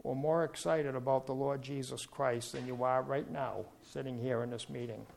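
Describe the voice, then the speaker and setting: A man's voice: medium pitch, steady tone, moderate pace, creaky, darkish tone, slight background noise. A man preaching a sermon, telling a story earnestly and rising to fervent emphasis.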